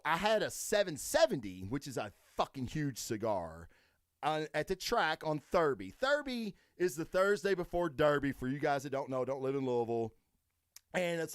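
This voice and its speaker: A man's voice: fairly high pitch, fairly bright tone, dry recording, studio quality. A man hosting a podcast, talking in a crude, rambling way and swearing constantly. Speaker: podcast host. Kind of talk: profane casual monologue.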